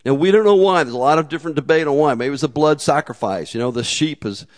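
Pastor guy preaching, chatty and jokey, kinda high voice. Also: quick pace. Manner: conversational and humorous, with restarts and acted asides. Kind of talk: sermon.

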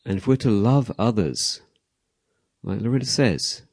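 A man with a very low, mellow voice shares a reflection at a church gathering. He talks informally, corrects himself mid-sentence and acts out the exchanges he retells. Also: normal speed, creaky, husky. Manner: chatty, self-correcting, acts out dialogue. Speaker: church member sharing a reflection.

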